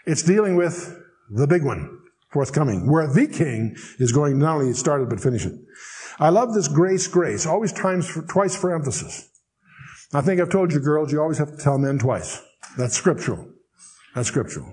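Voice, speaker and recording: A man teaching the Bible verse by verse, reading scripture slowly and solemnly, then explaining it in chatty, wry asides. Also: medium pitch, animated, a little mellow.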